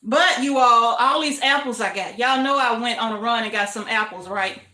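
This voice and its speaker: A woman's voice: on the high side, normal speed, bright, forceful tone, echoey room. An older woman hosting a casual livestream from her home kitchen, chatting and greeting viewers with frequent laughter. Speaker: homestead livestream host.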